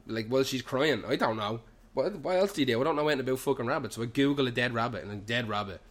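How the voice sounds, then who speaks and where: A young Irish man with a Dublin edge and an ordinary mid-pitched voice, recorded in a pub as he hosts his show. He spins a loose, run-on comic story, cursing constantly and tumbling from one clause into the next. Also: very fast, fairly bright tone. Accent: Irish, Dublin slang. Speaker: podcast host. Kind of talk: rambling comic anecdote.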